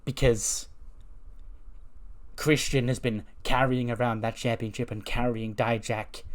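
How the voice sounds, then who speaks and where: A man voicing a proud veteran male wrestler who lectures slowly and threatens his son. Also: medium pitch, close to an everyday voice.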